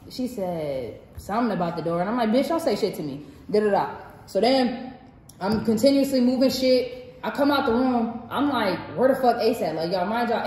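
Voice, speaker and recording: A woman telling a story in casual chat, profane and animated, talking to viewers as y'all. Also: fairly high pitch. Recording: roomy echo with faint hiss.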